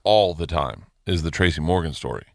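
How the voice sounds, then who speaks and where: A man's voice: brisk, gravelly, no echo, studio quality. Man telling a story with big energy. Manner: energetic, voice jumps high when acting out quotes. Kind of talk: animated storytelling on a comedy podcast.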